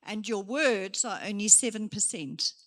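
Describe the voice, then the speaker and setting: A woman giving a motivational career day talk in a church hall, lively and full of acted examples. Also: medium pitch, a little slow. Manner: lively, gives acted examples, moves around.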